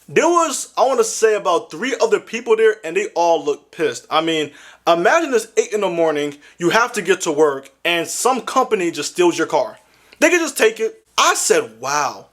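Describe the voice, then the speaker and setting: A young man animatedly tells a comedic story heavy with slang, sounding exasperated. His voice is fairly high and a bit bright.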